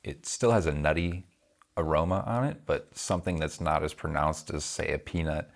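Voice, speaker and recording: A man co-hosting a podcast in a studio, calmly describing tasting notes in a measured, careful way. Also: very deep voice, gravelly. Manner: measured, descriptive, weighing words. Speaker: podcast co-host. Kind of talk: casual tasting chat.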